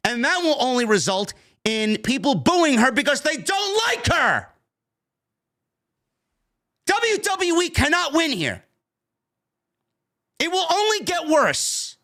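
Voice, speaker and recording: New york guy ranting hard about wrestling, high voice that swings all over, swears a lot. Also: sing-song, slow, pauses often, pushed and bright. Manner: heated, profane, repetitive ranting. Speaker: wrestling show reviewer. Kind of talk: ranting commentary.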